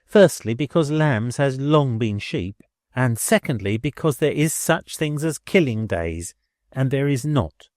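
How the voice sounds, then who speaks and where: A man's voice: medium pitch, animated, measured pace, darkish tone, no room sound, studio quality, pitched above the performer's own voice, close to an everyday voice. A man doing a lofty, sarcastic landlady. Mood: scornful. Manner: lofty, ungrammatical, cutting. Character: haughty, sarcastic lower-class middle-aged landlady.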